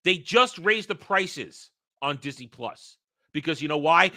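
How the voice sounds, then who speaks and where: Bright-voiced man ranting fiercely. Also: on the high side, lively intonation, measured pace. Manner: heated, profane, repetitive rebuttals. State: hiccups. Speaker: host and commentator. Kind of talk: reaction rant, reading and rebutting an article.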